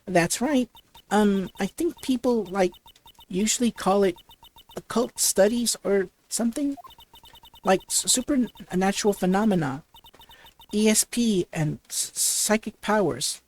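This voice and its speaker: A woman voicing a ditzy young valley-girl woman, halting and stuttering through her lines full of fillers. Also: medium pitch, a little mellow, natural voice. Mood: airheaded. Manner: halting reading with stutters and restarts.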